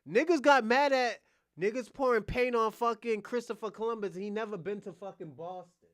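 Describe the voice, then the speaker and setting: A young adult man hosting a livestream, delivering a combative, profane rant that swings between loud outbursts and muttered asides. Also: high-pitched, a little fast, no room sound, studio quality. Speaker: podcast host.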